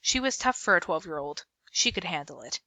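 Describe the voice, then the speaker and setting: Bright-voiced woman reading a novel aloud. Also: lowish voice, a little fast, no room sound. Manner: expressive storybook reading. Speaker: book reader.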